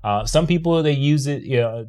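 A man co-hosting a podcast in casual, relaxed chat, pausing with fillers. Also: medium pitch. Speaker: podcast co-host.

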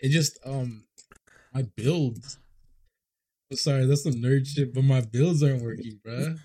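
A man's voice: mid-range voice, measured pace, dark tone. A man co-hosting a podcast in casual chat, laid-back, swearing and laughing often. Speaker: podcast co-host.

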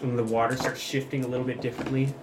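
A man's voice: mid-range voice, flat delivery, racing, heavy background noise. A man playing a tabletop game, thinking aloud and planning his character's move. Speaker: player.

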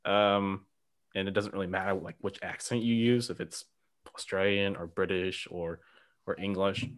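A man hosting a podcast interview. He talks in a relaxed, curious way and often says "um.". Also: deep voice, moderate pace, clear, resonant tone. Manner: relaxed and curious, with "um" and light laughs. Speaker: podcast host. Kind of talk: casual interview chat.

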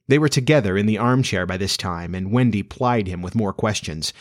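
A man narrating a classic children's storybook aloud with expressive delivery. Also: on the low side, a little fast, few pauses. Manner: lively, expressive. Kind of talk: storybook reading.

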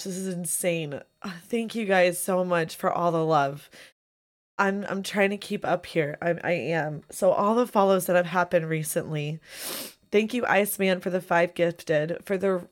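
A woman's voice: on the low side, measured pace. A woman hosting a live-streamed podcast, tearful and overwhelmed, gushing and laughing between her words. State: tearful, crying. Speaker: podcast host.

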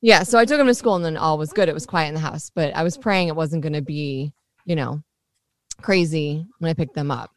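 A woman's voice: sits low, fairly quick, no room sound, clean studio sound. A woman co-hosting a podcast, telling a story in a candid, casual way with swearing. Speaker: podcast co-host. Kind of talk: casual chat.

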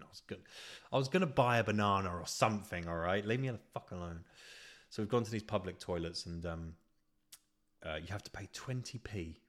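A young podcast host with a lowish voice speaks at a normal speed. In a casual storytelling monologue, he rants profanely about a comically petty incident.

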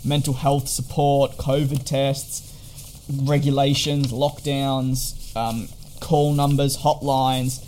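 A man's voice: medium pitch, level tone, slow pace, a little mellow, slight background noise. A man chatting casually in a vlog about hotel quarantine, rambling and wry with lots of fillers. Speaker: vlogger.

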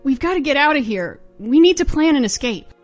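A woman's voice: sits high, lively intonation, a little fast, soft background music. A woman voicing a frightened young mother, held captive, who pleads anxiously in a comedic parody dub. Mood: pleading.

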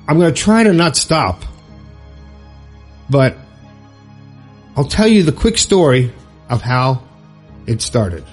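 A middle-aged Florida man hosts a podcast, sharing a personal story in a heartfelt, halting manner full of pauses and restarts. His voice sits a little high.

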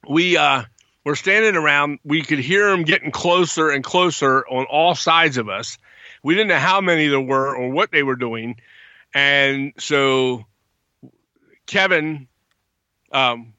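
A man's voice: medium pitch, a little slow, long pauses, no echo, dull audio. A man telling a story in casual chat, acting out quotes in a raised voice. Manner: animated, acts out quotes in a raised voice.

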